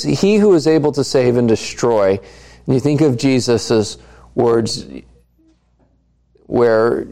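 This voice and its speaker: A pastor delivers a sermon at an unhurried, measured pace in a warm, mellow, medium-pitched voice. He keeps asking the congregation questions and repeats lines for emphasis.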